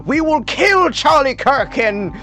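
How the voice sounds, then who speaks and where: A man's voice: very high-pitched, big pitch swings, takes it slowly, pushed and bright, soft background music, voice pushed up, heavily acted. A man voicing a melodramatic male conspirator who declares his plans grandly. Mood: grandiose.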